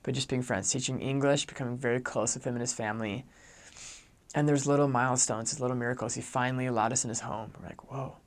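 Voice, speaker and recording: With a mid-range voice and a quick pace, a young returned missionary relates a story casually and with lots of animation, peppering it with "like."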